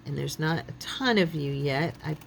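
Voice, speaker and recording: A middle-aged American woman hosts a craft channel, chatting casually and thinking aloud as she works, with frequent laughter. Her voice is low and gravelly at a moderate pace. There's a little hiss or hum in the recording.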